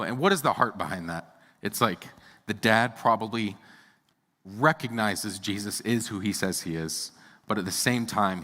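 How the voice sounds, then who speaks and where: A man preaching a sermon to his congregation, his voice bright and forceful but pitched on the low side. He gets animated and jumps up high when he plays out other people's words. The sound carries a long reverb from the church hall. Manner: animated, voice jumps up when acting out quoted speech. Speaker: pastor. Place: church sanctuary.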